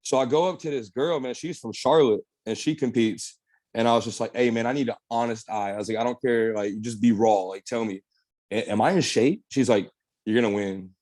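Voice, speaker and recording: A man's voice: mid-range voice, brisk, dry recording. A young man, a bodybuilder guest on a podcast, telling stories casually and animatedly with lots of slang and swearing. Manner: animated storytelling, slangy, swears, says "bro" and "man" a lot. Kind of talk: casual storytelling interview.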